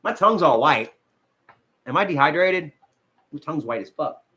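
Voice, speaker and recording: Male vlogger, high and bright, profane and rambling; casual live-chat delivery. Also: lively intonation, normal speed. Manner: rambling, profane, says man and bro a lot.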